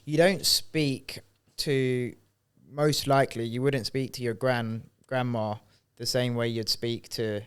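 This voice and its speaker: A man co-hosting a podcast, talking in a relaxed, rambling way with restarts. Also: medium pitch, slow, smooth. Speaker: podcast co-host. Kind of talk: casual podcast chat.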